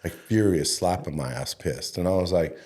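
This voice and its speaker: A middle-aged man with a low, mellow voice tells his story in a casual interview. He talks in a loose, chatty way, full of fillers and with a bit of mild swearing thrown in. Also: moderate pace, husky. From Denver, Colorado, USA. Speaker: head coach, interview guest.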